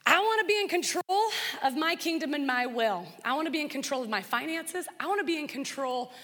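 A woman's voice: sits high, lively intonation, brisk, fairly bright tone, long reverb tail. A young adult woman giving an earnest, conversational faith talk, acting out prayers as she teaches. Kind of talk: sermon-style teaching talk.

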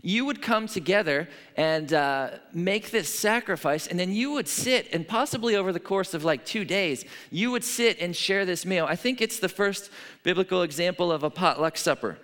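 A man preaches a sermon in an easy, conversational manner, weaving in personal stories and asides to his listeners. His voice sits a little higher than most men's. The sound carries a long reverb, as if from a large hall. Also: animated, moderate pace, a bit bright. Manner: conversational, storytelling, frequent "right?" asides. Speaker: pastor.

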